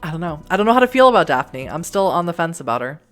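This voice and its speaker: Her lowish, slightly bright voice swings widely in pitch and moves fast, while faint music plays underneath. A middle-aged Boston-area streamer with a faint Boston accent, she rambles and chats with viewers while reading aloud from a narrative game, with frequent restarts and laughs.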